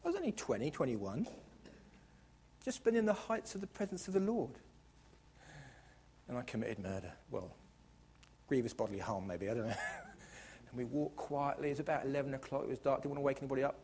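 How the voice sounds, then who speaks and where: A man preaching a lively sermon in church, joking playfully and moving between hushed asides and loud, emphatic calls to the congregation. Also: medium pitch, brisk, long pauses, a little hiss or hum. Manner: playful, jokey and expressive, swinging from hushed to loud.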